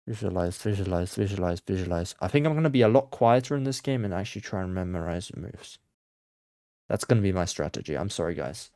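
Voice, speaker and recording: The voice is lowish, smooth, and fast, captured dry at studio quality. It belongs to a man who makes chess content, thinking aloud during a blindfold game; he mutters his moves and veers from quiet focus into panic when he loses track of the board.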